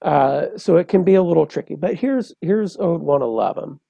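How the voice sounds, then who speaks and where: A man, a poet and translator, explaining in a measured, lecturing way on a podcast, with frequent hesitations. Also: fairly high pitch, animated, creaky, no echo, lo-fi sound.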